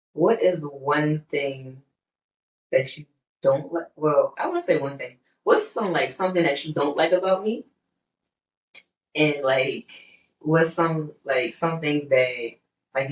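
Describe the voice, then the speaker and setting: A woman's voice: deep voice, a little slow, long pauses. A young woman from Charleston, South Carolina, with a Charleston accent, telling stories in casual chat and teasing her partner as podcast co-host. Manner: animated storyteller, teasing, acts out her own reactions. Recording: roomy sound, distant from mic.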